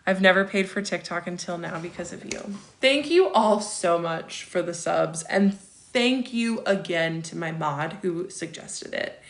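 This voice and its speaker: A woman's voice: on the low side, animated, measured pace. A woman in her thirties hosting a casual livestream, reading viewer comments aloud and answering them with chatty asides and frequent laughs. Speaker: livestream host.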